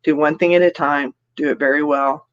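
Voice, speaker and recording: A woman's voice: low voice, steady tone, fairly quick, lo-fi sound. A woman hosting a casual live stream, chatty and rambling, laughing often and greeting viewers by name as she reads their comments. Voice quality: giggly, laughs often between remarks.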